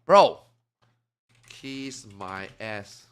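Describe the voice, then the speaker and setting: A man streaming a game, muttering to himself and then breaking into loud, sweary rants, switching between English and Chinese. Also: expressive, moderate pace. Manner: swings from low muttering to loud angry outbursts, swearing. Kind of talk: casual live-stream talk.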